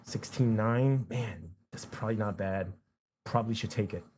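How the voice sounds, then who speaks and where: A man talking to himself while he trades options, muttering numbers and repeating phrases, then breaking into excited chants. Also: lowish voice, normal speed, slight background noise. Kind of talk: casual live trading commentary.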